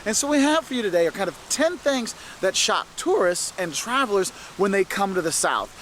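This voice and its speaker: An enthusiastic man with a fairly high voice presents a travel video. He talks straight to the camera outdoors on a city street, with faint traffic noise behind him. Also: big pitch swings, a little fast, a bit bright.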